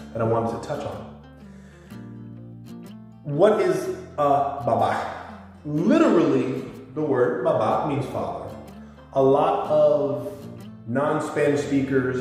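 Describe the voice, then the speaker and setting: A man's voice: mid-range voice, a little mellow, heavy reverb, in a large hall, recorded from a distance. A man talking informally to his viewers as a YouTuber, explaining words and spelling them out. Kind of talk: casual monologue to camera.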